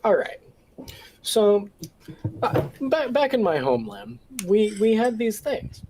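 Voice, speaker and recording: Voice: medium pitch, sing-song, slow pace, background noise. A tabletop game player speaking in character, hesitant with many restarts and some swearing. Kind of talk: casual in-character play.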